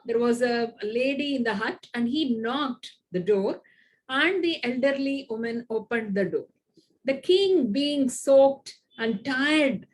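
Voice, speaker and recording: Brief: woman speaker, motivational storytelling, very slow, fairly high voice. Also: a little hiss or hum. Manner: deliberate, repeats words for emphasis. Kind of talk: motivational talk with a told story.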